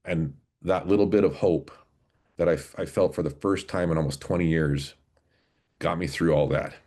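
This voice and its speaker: A man in his forties, a podcast guest and former police officer, telling his story in an earnest, halting way with many restarts. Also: low voice, warm tone. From Canada, Alberta. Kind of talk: casual storytelling interview.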